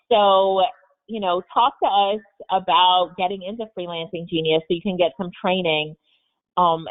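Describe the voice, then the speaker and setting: A woman hosting a live Q&A coaching session on a video call, upbeat and motivational. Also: lowish voice. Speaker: webinar host. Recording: tinny phone-like webinar audio.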